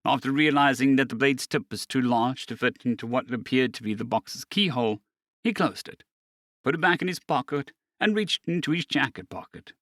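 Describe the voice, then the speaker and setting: A man narrating a science fiction story in a steady storytelling manner. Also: mid-range voice, normal speed, no echo, studio quality. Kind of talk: scripted narration.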